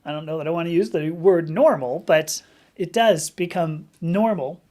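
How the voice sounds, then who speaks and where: A middle-aged woman hosting a casual livestream, answering viewer questions in a chatty, animated storytelling manner. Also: on the low side, normal speed.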